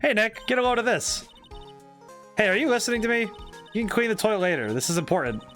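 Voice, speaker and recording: A man voicing a brash, excitable police detective, pushy and boastful, in video game dialogue. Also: high voice, fast, faint music behind, voice pushed up. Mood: excited.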